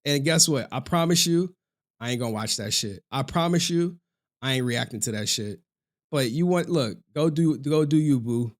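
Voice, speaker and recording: A man streaming reaction commentary in an animated, profane way, often breaking into laughter. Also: mid-range voice, moderate pace.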